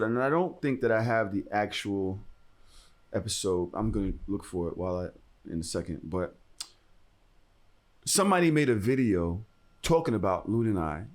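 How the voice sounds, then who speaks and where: A young man hosting a podcast, telling a story in casual chat, profane and acting out the voices of the people in it. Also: fairly low pitch. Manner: animated, profane, swings into loud acted-out quotes. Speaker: podcast host.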